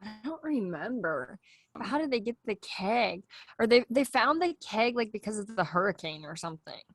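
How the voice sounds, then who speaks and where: A woman's voice: mid-range voice, very animated, moderate pace, a bit bright. A young woman co-hosting a podcast, recapping a TV episode in a plain, matter-of-fact way. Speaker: podcast co-host. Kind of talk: casual chat reviewing a TV show.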